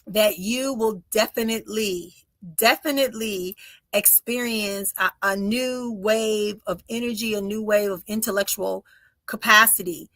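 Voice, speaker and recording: A middle-aged woman, hosting a live stream and giving emotive spiritual readings that often drop into soft whispers. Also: medium pitch, a little slow, no echo, clean studio sound. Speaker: spiritual medium and podcast host. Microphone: close mic for live streaming.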